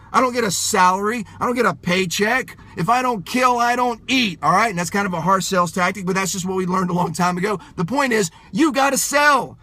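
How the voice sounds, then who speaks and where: A middle-aged man with a high, bright, forceful voice delivers a loud sales pep talk, stressing every point and repeating it. The recording is close and dry, with no room sound. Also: no room sound. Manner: loud, yelling, emphatic, punchy repetition. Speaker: sales motivational speaker. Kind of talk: fired-up motivational pep talk.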